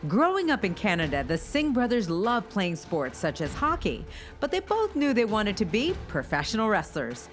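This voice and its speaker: A woman giving scripted documentary narration in an even, informative reading. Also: medium pitch, moderate pace, soft background music.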